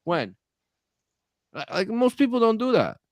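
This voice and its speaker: A man's voice: sits high, a little slow, no echo. Guy ranting and cussing about crypto, voice jumps all over, dry close sound. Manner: profane, ranting, animated. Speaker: co-host. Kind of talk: casual crypto show chat.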